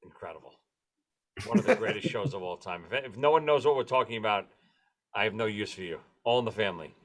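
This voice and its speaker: A man co-hosting a casual comedy podcast in an animated manner, leading the list and calling on the others. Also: lowish voice, fast. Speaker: podcast co-host.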